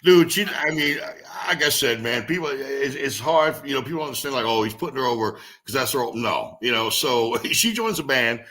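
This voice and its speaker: Man, casual interview guest, lively swooping pitch, swears a lot, storyteller. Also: moderate pace, hardly any pauses. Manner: swears freely, animated storyteller. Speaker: guest musician and singer.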